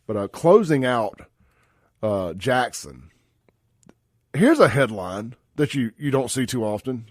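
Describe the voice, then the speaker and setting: A man's voice: a little high, no echo, studio quality. A man from Mississippi hosting a talk radio show, blunt and folksy, calling listeners brother. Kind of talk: conservative talk radio commentary.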